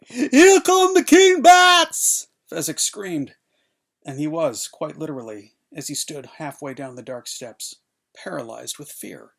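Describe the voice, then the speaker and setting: Brief: male reader, fairly high-pitched and raspy, expressive book narration at home. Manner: expressive, measured storytelling. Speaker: reader of a novel. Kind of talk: dramatic book reading.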